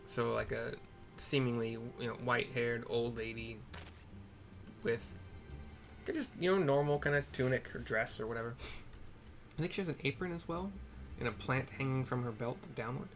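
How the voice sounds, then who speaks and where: A man's voice: medium pitch, moderate pace, gravelly, pauses often, faint music behind. A man casually narrating a game for listeners, rambling and correcting himself with chatty asides. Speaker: game narrator and audio describer.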